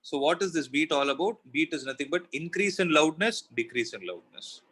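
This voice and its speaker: A man's voice: a little high, expressive, brisk, a bit bright, husky, low-quality recording. A man teaching a physics class, explaining step by step and asking himself questions as he goes. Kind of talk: classroom lecture.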